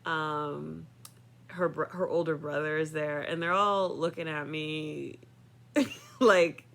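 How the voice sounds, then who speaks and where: A woman's voice: low voice, steady tone, a little slow, gravelly, a bit bright. A woman in her thirties telling a personal story in a chatty way, full of fillers, often laughing. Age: 30s.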